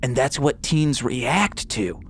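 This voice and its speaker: Animated man running a tabletop game. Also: medium pitch, slow pace, husky. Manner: animated, playful voice switching. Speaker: game master. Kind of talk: improvised tabletop role-play. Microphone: headphones and mic, home setup.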